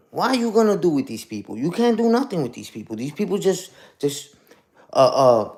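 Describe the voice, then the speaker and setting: A man talks fast and loose to a live stream chat, full of street slang and rhetorical "you heard?" tags. His voice sits a little high for a man and swings up and down as he gets worked up. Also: big pitch swings, darkish tone. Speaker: livestream host. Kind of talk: casual rant to a live chat.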